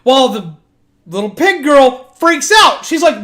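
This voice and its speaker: High voiced lady streamer cussing her way through a story recap, super animated. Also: unhurried. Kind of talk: casual retelling of an anime plot.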